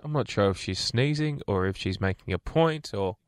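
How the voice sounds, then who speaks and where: A man's voice: fairly low pitch, lively intonation, moderate pace, slight background noise. A man co-hosting a radio show, chatting casually and teasing his co-host. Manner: playful, teasing, breaks into silly made-up songs.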